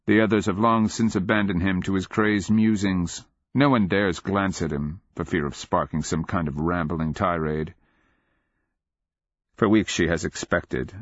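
A man narrating a dark fantasy novel in a measured, expressive storytelling manner. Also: deep voice, dry recording. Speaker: audiobook narrator. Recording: dull, dry lo-fi recording.

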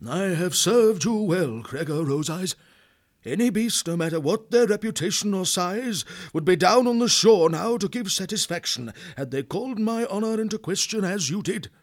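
A man's voice: sits high, lively intonation, moderate pace, pitched above the performer's own voice. A man voicing a proud old male hare colonel with a clipped, pompous military manner. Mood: reproving.

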